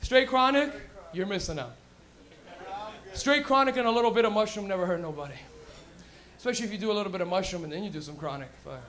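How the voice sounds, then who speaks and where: A young Canadian man hosting a comedy show, doing a loud, profane stand-up set and laughing at his own jokes on stage. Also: sits high, expressive, fast talker, long pauses. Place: comedy club stage, audience.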